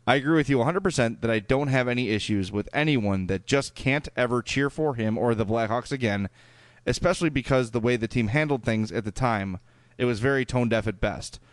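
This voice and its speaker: Speaking a little fast, this Chicago-accented man co-hosts a hockey podcast, his voice smooth, resonant, and mid-pitched. The sound is close and dry, without echo, as he rambles easily through casual chat and listener emails, full of fillers and restarts.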